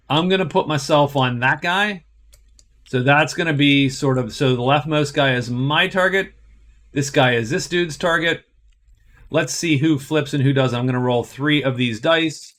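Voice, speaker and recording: A man's voice: mid-range voice, a bit bright. Man talking through a board game. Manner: thinking aloud, explaining each move step by step. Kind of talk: solo board game playthrough narration.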